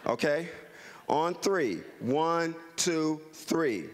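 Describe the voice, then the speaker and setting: A man's voice: fairly high pitch, lively intonation, a little slow. A middle-aged man from Los Angeles, a guest speaker giving an interactive talk to a community audience, leading them in call-and-response and repeating his prompts.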